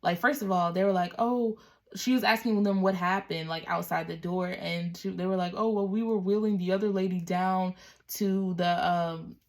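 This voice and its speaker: A woman's voice: on the low side, steady tone, moderate pace. A young woman telling a personal story casually to camera, chatty and full of "like," acting out what people said. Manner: chatty, many "like"s, acts out quotes with raised voice. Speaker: mother telling her birth story.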